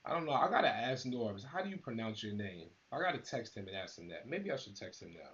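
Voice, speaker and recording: A man's voice: fairly low pitch, sing-song, fast, fairly bright tone, lo-fi sound. A man hosting a live stream, talking casually and rambling straight to his viewers. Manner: laid-back, rambling, talks straight to viewers. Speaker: battle rap channel host.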